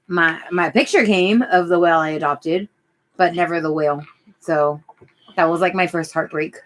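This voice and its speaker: A woman's voice: on the low side, moderate pace, pauses often, a little hiss or hum. A young woman co-hosting a casual chat, playful and chatty as she tells stories. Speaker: co-host.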